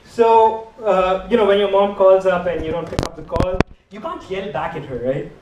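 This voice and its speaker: Young Indian man, stand-up comedian, chatty and rambling, high voice, roomy echo. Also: normal speed, distant mic, lo-fi sound, noisy background. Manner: chatty, rambling, filler-heavy delivery. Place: comedy club.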